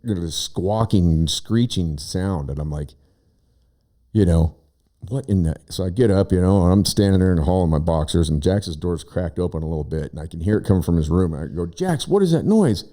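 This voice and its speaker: A man's voice: sits low, brisk. A man from Oregon chatting casually in a studio, telling a long rambling story with lots of fillers and restarts. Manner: rambling, animated storyteller who shouts out quoted lines. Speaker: guest, visiting brother. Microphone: studio microphone.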